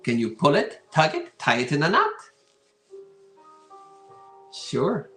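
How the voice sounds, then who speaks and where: A man's voice: mid-range voice, very animated, measured pace, pauses often, fairly bright tone, echoey room, soft background music. A man hosting a live online vintage sale, chatty and playful, greeting viewers by name as he shows each item. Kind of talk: live online auction selling.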